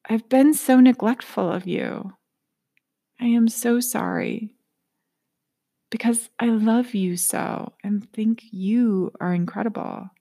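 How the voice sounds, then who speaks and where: A woman's voice: medium pitch, creaky, a little mellow. A woman giving a reflective motivational talk, earnest and candid, sometimes dropping to a near whisper.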